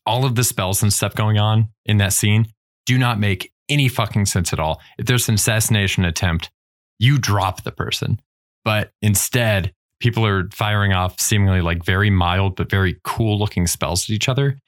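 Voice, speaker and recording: A man's voice: on the low side, normal speed. A man co-hosting a podcast in casual chat, blunt and wry, with casual swearing. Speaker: podcast co-host.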